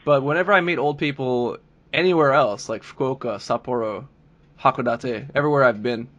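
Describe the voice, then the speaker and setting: A man hosting a podcast in casual interview talk. He speaks at a middle pitch in a relaxed way and often restarts his words. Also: fairly quick, muffled recording. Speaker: podcast host.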